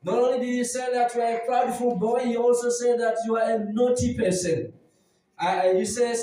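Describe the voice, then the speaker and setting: A man preaches a sermon, retelling a Bible story with drama in a very high, mellow voice. He is recorded in a church hall with heavy echo, and the mic sits well away from him. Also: fairly even intonation, normal speed, recorded from a distance, slight background noise. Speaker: pastor.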